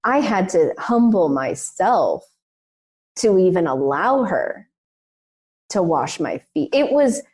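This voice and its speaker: Animated woman telling a personal story. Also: fairly low pitch, slow, pauses often. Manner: animated, emphatic, frequent "like" and "um". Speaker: podcast co-host. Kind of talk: personal storytelling in casual conversation.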